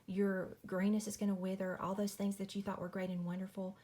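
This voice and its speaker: A woman's voice: medium pitch, little pitch movement, fairly quick, warm tone. A woman, chatting casually through a Bible study at home at night, apologetic and friendly, saying y'all. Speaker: Christian video host.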